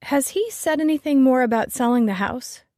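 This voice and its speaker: A woman voicing a fierce, stubborn woman chef who talks loud and insistent. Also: sits high, normal speed, no room sound, studio quality, voice pushed up, lightly acted. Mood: teasing. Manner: loud, insistent, sharp retorts.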